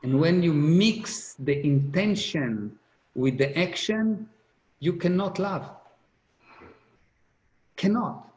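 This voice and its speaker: A man's voice: on the high side, animated, slow, pauses often, a little mellow. Earnest middle-aged man in roomy hall. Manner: earnest, repetitive emphasis, non-native English grammar. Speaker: business speaker. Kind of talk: motivational seminar talk. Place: conference hall.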